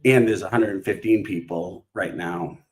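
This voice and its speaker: A man's voice: deep voice, moderate pace. A man hosting a casual live stream while opening trading cards, rambling with lots of fillers and restarts. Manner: rambling, filler-heavy, self-interrupting.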